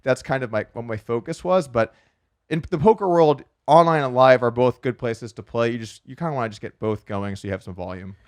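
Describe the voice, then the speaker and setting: A man being interviewed on a podcast, telling stories about his life in a quick, chatty way with frequent restarts, sometimes acting out the voices of people in his stories. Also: mid-range voice, a little mellow, dry recording, studio quality. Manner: acts out quoted voices in his anecdotes. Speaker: podcast guest, professional poker player. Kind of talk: casual storytelling interview.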